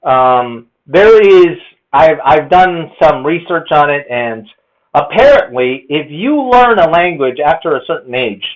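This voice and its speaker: Male presenter with a high, expressive voice; methodical, lecturing delivery; muffled lo-fi sound. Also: measured pace. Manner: lecturing, counts errors methodically. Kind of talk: explanatory monologue.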